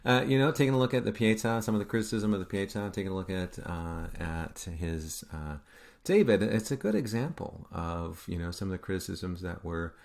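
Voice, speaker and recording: A man with a very deep, low voice giving an art history lecture. He talks in a halting, conversational way, full of fillers and restarts, and keeps checking in with his listeners. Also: creaky, darkish tone. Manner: halting, many fillers, self-correcting, checks in with "right?". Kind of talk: recorded lecture.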